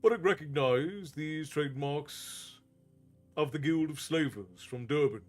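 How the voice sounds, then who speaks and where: Male storyteller, fantasy reading, slightly high voice, soft music underneath. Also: unhurried. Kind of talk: reading a fantasy novel aloud. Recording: faint background music.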